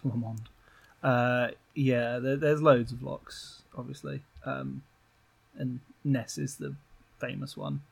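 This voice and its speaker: A man with a rough, gravelly edge and a slightly husky texture talks through a film in a relaxed podcast chat. He hesitates often, filling gaps with ums and restarts, at a medium pitch. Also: slow. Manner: relaxed, hesitant, lots of fillers. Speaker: podcast co-host. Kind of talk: casual film review chat.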